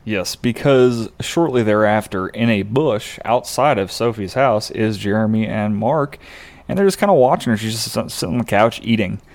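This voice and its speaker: Low-voiced man casually recapping a show. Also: moderate pace. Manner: relaxed, explanatory, with fillers. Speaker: podcast co-host. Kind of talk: casual chat recapping a TV episode.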